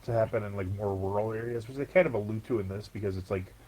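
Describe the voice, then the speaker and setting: A man co-hosting a podcast, chatting in an animated, rambling way full of fillers. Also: fairly low pitch, fast, rough recording. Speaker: podcast co-host. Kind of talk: casual chat recapping a TV episode.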